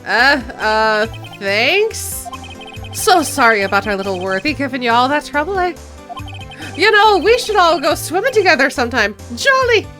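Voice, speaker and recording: A woman's voice: big pitch swings, very slow, sharp tone, full character voice. A woman voicing a jovial, over-familiar older male police chief in a mock Irish accent, with a bit of game music behind. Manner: hearty, over-familiar, booming.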